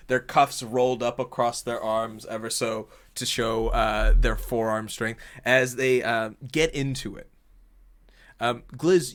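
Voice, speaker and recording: A man narrating as game master of a tabletop game, energetic and rambling with frequent fillers. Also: mid-range voice. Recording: online stream.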